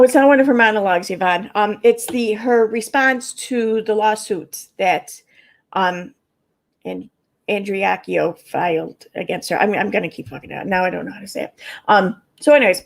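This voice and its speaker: A woman with a Midwestern American accent chats loosely on a livestream, wandering from thought to thought and swearing freely. Her voice has a gravelly fry in it, at a middle pitch. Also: expressive, a little fast. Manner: rambling, profane, talks to chat. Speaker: livestream host. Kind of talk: casual livestream chat.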